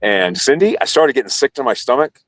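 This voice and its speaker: A man's voice: mid-range voice, expressive, fairly quick, a bit bright, no echo. A middle-aged man telling a long personal story on a video call, rambling and correcting himself, with laughs along the way. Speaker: podcast guest, former carrier sailor. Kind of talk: casual storytelling interview.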